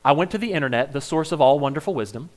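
A man's voice: a little high, expressive, racing. A man giving a comedic monologue, full of playful joking asides. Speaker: comedic speaker.

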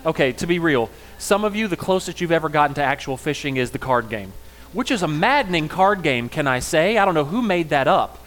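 A man's voice: fairly high pitch, expressive, a little fast, a bit bright, low-quality recording. A middle-aged man preaching a sermon in a conversational style, telling personal stories and joking with his congregation. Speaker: pastor.

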